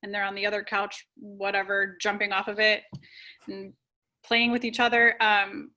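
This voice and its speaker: A woman's voice: medium pitch, little pitch movement, normal speed, pushed and bright. A woman in her thirties talking about being a parent in a casual podcast conversation. She speaks in a chatty, heartfelt way and says "like" often. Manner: chatty, heartfelt, heavy use of "like". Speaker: podcast guest or host, parent.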